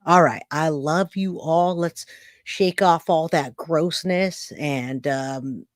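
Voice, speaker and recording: Blunt, animated woman hosting a livestream. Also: low-pitched, takes it slowly, dry recording, studio quality. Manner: animated, blunt, disgusted outbursts. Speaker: livestream host. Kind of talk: casual livestream chat.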